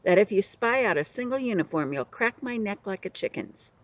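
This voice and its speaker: A woman's voice: mid-range voice, sing-song, brisk, pitched above the performer's own voice. A woman voicing a clever, scheming street-boy servant in a storybook reading, acting grand to fool his captors. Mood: crafty. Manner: crafty, putting on airs.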